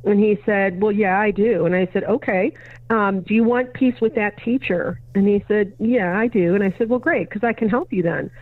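A woman's voice: mid-range voice, moderate pace. Woman guest with phone-line sound. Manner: acts out both sides of a dialogue, plays each remembered voice. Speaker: podcast guest, educator and consultant. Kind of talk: conversational storytelling in an interview. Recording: narrow, phone-like audio of a remote interview.

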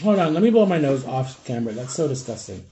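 A man with a stuffed-up nose, talking in a halting, rambling way while eating on camera at home for his vlog. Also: medium pitch, big pitch swings, mellow. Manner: rambling, halting, searching for words. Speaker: vlogger. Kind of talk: casual confessional vlog.

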